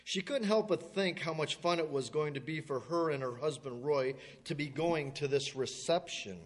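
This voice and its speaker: Man, preacher, telling a story, folksy and halting, clears throat, slightly high voice, long hall reverb. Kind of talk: sermon illustration storytelling.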